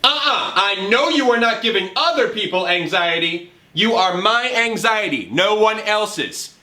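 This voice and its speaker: A man's voice: high voice, expressive, unhurried, bright, forceful tone, echoey room, pitched above the performer's own voice, heavily acted, rough recording. A man playing a cheerful, fatherly persona who scolds in a chirpy, emphatic way. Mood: scolding. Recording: music playing underneath.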